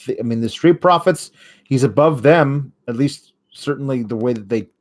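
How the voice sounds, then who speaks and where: A man's voice: medium pitch, moderate pace. A man hosting a casual solo recap show, rambling and sarcastic, with frequent fillers and swearing when annoyed. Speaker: host.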